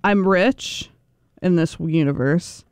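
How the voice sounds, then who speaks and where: A man in casual chat, playful and quick to laugh. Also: high-pitched, smooth, no room sound, clean studio sound.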